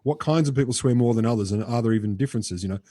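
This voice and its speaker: A man's voice: medium pitch, rapid-fire, warm tone, dry recording. An Australian man co-hosting a casual science podcast, talking with a dry, wry manner and dropping in laughs. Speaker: podcast co-host.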